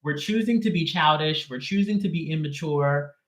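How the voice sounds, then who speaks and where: A man's voice: a little high, normal speed, reverberant, a little hiss or hum. A man giving a casual live tarot reading in a sassy, slangy, emphatic way. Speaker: tarot reader.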